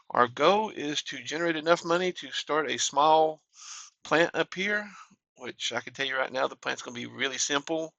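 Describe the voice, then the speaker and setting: Gravelly-voiced man talking through a game. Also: a little high, no room sound. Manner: relaxed, plain-spoken walkthrough talk. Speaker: gaming channel host. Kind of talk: casual game commentary.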